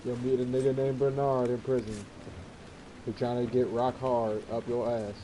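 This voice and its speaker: A gaming video host offers loose, laughing commentary over gameplay, repeating himself and talking to a friend. His medium-pitched voice is flat and moves at a normal speed. There is noise in the background.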